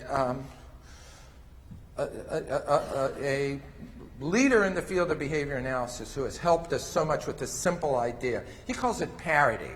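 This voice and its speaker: A man presents a conference session, explaining step by step as he demonstrates with toys. His voice sits a little high and rises and falls a lot. A long reverb trails his words, with faint noise underneath. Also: fairly bright tone. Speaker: conference presenter on mand training. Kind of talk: lecture with live demonstration.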